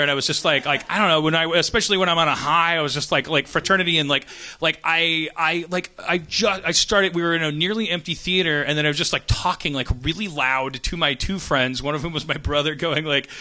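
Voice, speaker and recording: A man hosting a podcast and spinning a comic story, with a high voice and a very bright, sharp tone. He rambles and restarts often. He keeps switching into acted-out quotes as he goes. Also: fairly even intonation, a little fast. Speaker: podcast host. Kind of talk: comedic storytelling.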